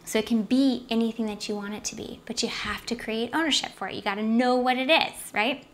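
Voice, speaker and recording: A woman's voice: a little high, fairly quick. A woman hosting a self-help video series, giving an upbeat motivational talk to the camera and often checking in with "right?".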